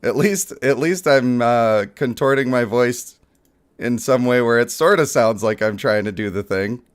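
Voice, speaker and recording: A man's voice: medium pitch, unhurried, smooth. A young man hosting a live mobile game stream, joking and hyping up his pulls for chat. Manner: playful, excitable, joking with chat.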